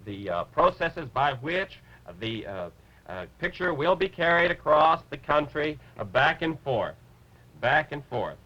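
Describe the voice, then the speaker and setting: A fussy, throat-clearing rabbit lecturer. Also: male voice, fairly high pitch, big pitch swings, bright, forceful tone, dull audio, full character voice. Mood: flustered. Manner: fumbling, throat-clearing, halting. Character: bumbling male rabbit lecturer, fussy and flustered. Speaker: puppet character on a TV show.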